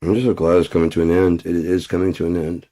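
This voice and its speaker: A man's voice: low voice, level tone, fast talker, warm tone, a little hiss or hum. A man delivering a profane, ranting monologue straight to camera, swearing constantly and muttering asides under his breath. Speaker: vlogger.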